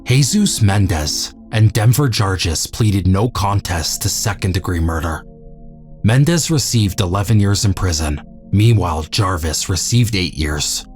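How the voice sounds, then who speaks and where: A man giving scripted true-crime narration in a measured, sober way. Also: low-pitched, animated, faint music behind.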